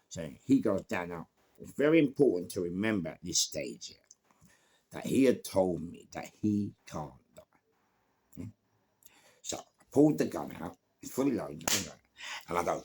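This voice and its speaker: Gravelly deep-voiced London man. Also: unhurried. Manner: animated, swears freely, punctuates with sound words and laughs. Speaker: former gangster telling his story. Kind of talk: casual storytelling anecdote.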